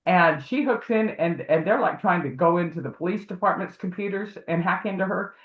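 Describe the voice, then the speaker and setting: A woman with a lowish voice talks fairly quickly as a guest on a livestream, rambling through a long, casual story and imitating the voices of the people she quotes. She advocates for harassment victims. The audio sounds tinny and echoey, like a phone.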